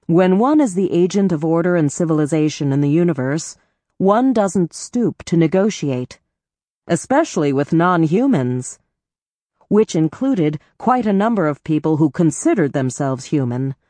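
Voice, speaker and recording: Slow, low-voiced woman narrating. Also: no room sound. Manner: measured, even reading. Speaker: audiobook narrator. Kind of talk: scripted first-person narration.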